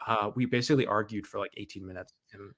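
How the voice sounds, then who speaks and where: A man's voice: on the low side, fairly even intonation, quick pace, fairly bright tone, a little hiss or hum. A man hosting a casual question-and-answer chat, rambling and joking with many hesitations. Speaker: channel host.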